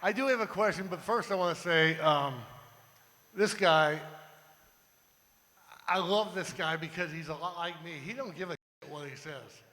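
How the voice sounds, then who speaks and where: A plainspoken man with a high, bright voice addresses the crowd. He sounds a bit away from the mic, with a long hall echo and faint noise behind. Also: normal speed, long pauses. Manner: plainspoken, earthy. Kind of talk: casual remarks to an audience.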